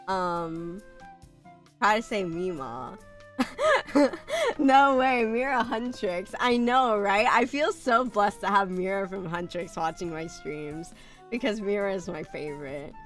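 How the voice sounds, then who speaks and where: A woman's voice: medium pitch, slow pace, a bit bright, faint music behind. A sick woman streamer with a light American country accent, chatting casually and bluntly, laughing often and coughing. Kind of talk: casual live-stream chat.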